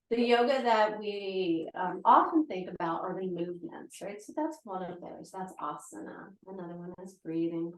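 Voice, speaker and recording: Chatty woman yoga teacher, roomy sound. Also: fairly low pitch. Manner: chatty, many rhetorical "right?" asides. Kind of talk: casual live lecture. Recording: roomy echo.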